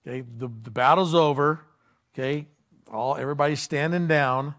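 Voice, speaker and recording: Slightly bright and on the high side, this male pastor speaks at a normal speed. His sermon is casual and conversational: he retells a story in ordinary words, stumbles through fillers and restarts, and acts out the quotes.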